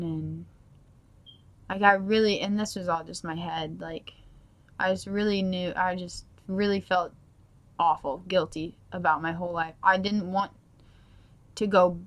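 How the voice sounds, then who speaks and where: A woman's voice: on the low side, fairly bright tone. A young mother sharing her faith testimony at home in a casual, rambling way, full of filler words. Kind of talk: personal testimony vlog.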